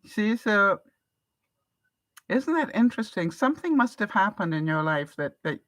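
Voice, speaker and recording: A woman's voice: mid-range voice, very animated, normal speed, fairly bright tone, no echo. Chatty English woman, dry close sound. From England. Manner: chatty, laughs often, reads viewer comments aloud. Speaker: vlogger. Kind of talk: casual live-stream chat.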